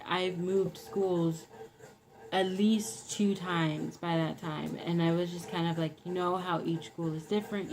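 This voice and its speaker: A woman's voice: on the low side, warm tone, low-quality recording. A young woman telling a personal story in a rambling, casual way, full of "like" and "you know". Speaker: vlogger.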